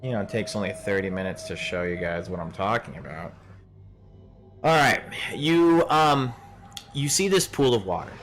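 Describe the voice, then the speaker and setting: A man narrating a tabletop game as game master, relaxed and rambling, with plenty of filler words. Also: lowish voice, normal speed, a little hiss or hum.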